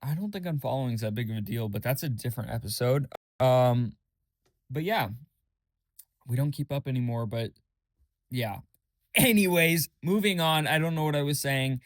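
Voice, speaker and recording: A man's voice: moderate pace, pauses often, no room sound, clean studio sound. A young man hosting his own podcast, rambling candidly in a casual journal-style monologue with lots of fillers and swearing. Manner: mimics others in a high mocking voice. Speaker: podcast host.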